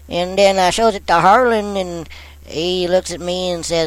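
A man's voice: high-pitched, steady tone, moderate pace, clean tone, dry recording, low-quality recording. A man telling a comic witness story in a folksy drawl with rustic grammar. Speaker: on-scene witness.

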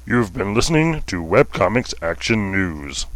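Man anchoring a mock news show, low voice, deadpan formal reads, dry close recording. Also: a little slow, no room sound. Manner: mock-formal with muttered asides. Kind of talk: parody newscast.

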